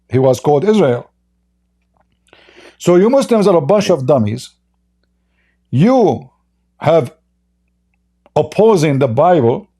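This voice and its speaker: Male debate host, combative and mocking, pitched a bit high with a mellow tone. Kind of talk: live online debate.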